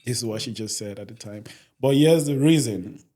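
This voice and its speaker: A man's voice: medium pitch, normal speed, mellow. A young man, a podcast guest telling his story earnestly, often adding "you know". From Nigeria. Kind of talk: casual interview storytelling.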